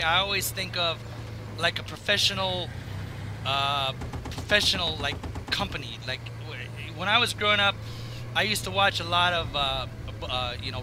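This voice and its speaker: A man with a raw, strained voice giving rambling, excitable commentary over a video game he is playing. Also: on the high side, noisy background. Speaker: gaming commentator. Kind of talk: casual gameplay commentary.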